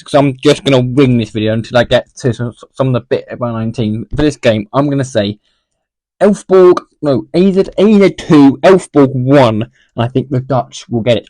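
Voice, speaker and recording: A man's voice: medium pitch, darkish tone. A man giving casual, unscripted football predictions, rambling, correcting himself and repeating phrases as he goes. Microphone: mic for home recording.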